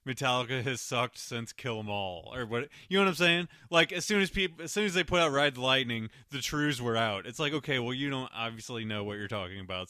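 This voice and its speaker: Male co-host, opinionated and profane, bright and clear timbre. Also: medium pitch, no room sound, clean studio sound. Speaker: podcast co-host. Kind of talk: casual chat about metal albums.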